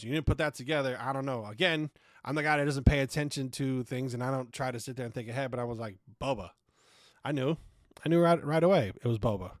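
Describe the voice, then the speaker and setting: A man's voice: mid-range voice, dry recording, studio quality. A man hosting a podcast, ranting casually and sarcastically, swearing freely and often restarting his sentences. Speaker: podcast host.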